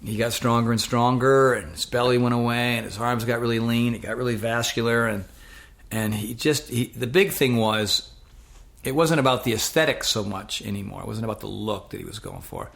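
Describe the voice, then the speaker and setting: A middle-aged man telling lively stories as an interview guest, acting out the voices of people he quotes. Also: medium pitch, brisk, vocal fry. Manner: animated anecdote-telling, acts out quoted voices. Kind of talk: casual storytelling.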